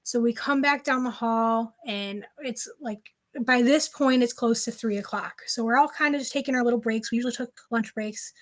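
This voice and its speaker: Chatty woman telling a story, fairly high voice. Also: normal speed. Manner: animated, frequent "like" fillers. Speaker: podcast guest. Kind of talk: casual interview storytelling.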